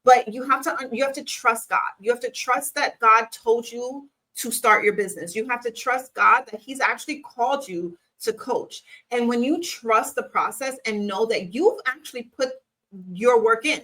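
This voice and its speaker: A woman in her thirties speaks straight to the camera as a business coach, giving an encouraging, faith-based motivational talk. Her voice is bright and clear and sits a little high. She keeps turning her points into questions for the viewer. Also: moderate pace, rough recording.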